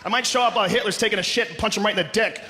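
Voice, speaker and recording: A man doing a profane, animated stand-up comedy set, often shouting and acting out voices on a large live stage. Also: sits high, rapid-fire, noisy background. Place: large live venue with audience. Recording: live stage recording with long hall reverb.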